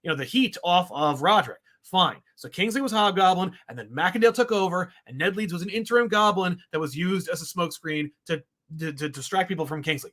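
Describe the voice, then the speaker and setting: A man's voice: sits high, expressive, fairly quick, few pauses, fairly bright tone. A man co-hosting a podcast, reviewing comics in a rambling, wry, exasperated way. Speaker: podcast co-host. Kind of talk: casual comic book review chat.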